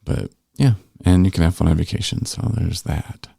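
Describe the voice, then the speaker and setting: A man with a very deep, gravelly voice hosts a podcast in a loose, rambling way. He restarts his sentences often, and the sound is dry and close to the mic. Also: moderate pace, warm tone, dry recording. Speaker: podcast host. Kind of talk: casual podcast chat.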